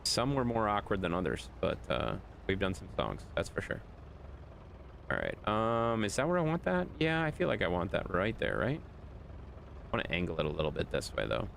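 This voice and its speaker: A man's voice: low voice, huge pitch swings, normal speed, creaky, fairly bright tone, a little hiss or hum. A man streaming a game live, chatting casually and teasingly scolding his chat while he plays. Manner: bantering, scolds and teases chat.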